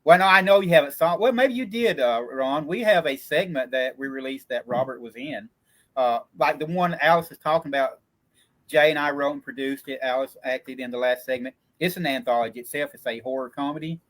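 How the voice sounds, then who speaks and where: A male host with a Southern Kentucky accent talks in loose, rambling bursts. He stumbles and restarts often as he chats. His voice sits at an ordinary middle pitch. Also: fairly quick. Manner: rambling, frequent stammered restarts. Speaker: host, indie filmmaker. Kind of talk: casual panel chat.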